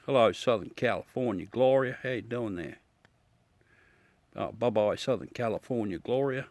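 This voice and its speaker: A man's voice: medium pitch, moderate pace, a little mellow, no room sound. Easygoing Australian man chatting live. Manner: rambling, easygoing, laughs at his own jokes. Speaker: livestream host chatting with viewers. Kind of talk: casual live chat. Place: at home beside a telescope.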